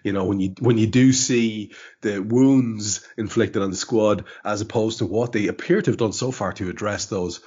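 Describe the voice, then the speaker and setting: A man's voice: fairly low pitch, moderate pace, few pauses, a little mellow, slightly rough, lo-fi sound. A man hosting a football podcast in casual chat, rambling through his points. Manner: rambling, many fillers and restarts. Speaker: podcast host.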